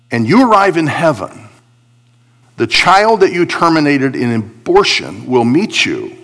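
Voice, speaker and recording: A man preaching a sermon, swinging between emphatic high points and a quiet confiding tone as he explains Hebrew words from scripture. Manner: animated preaching, rising for emphasis, dropping to a confiding hush. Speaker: pastor.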